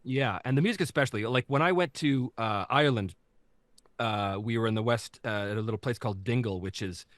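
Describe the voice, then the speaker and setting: A man from Canada, a voice actor guest, telling stories in casual interview chat with lively delivery. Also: mid-range voice, a little fast, no room sound, studio quality. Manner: animated storyteller, slips into character voices.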